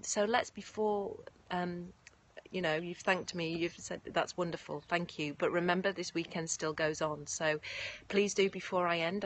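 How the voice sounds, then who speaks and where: Her voice is on the low side but fairly bright as this yoga nidra teacher, streaming live from outdoors in nature, gushes to viewers after a guided meditation and thanks them by name. Faint birds and distant sirens sound in the background.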